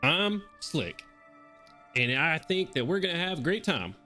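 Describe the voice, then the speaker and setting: A man's voice: on the high side, very animated, unhurried, bright, forceful tone, soft background music, pitched above the performer's own voice, full character voice. A man voicing a small, friendly talking dog in a tabletop game, speaking in an eager, polite way. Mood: cheerful.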